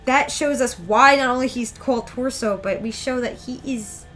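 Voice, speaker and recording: A woman giving an excitable, emphatic, slangy casual breakdown of a manga chapter as a reviewer. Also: high-pitched, normal speed, faint music behind.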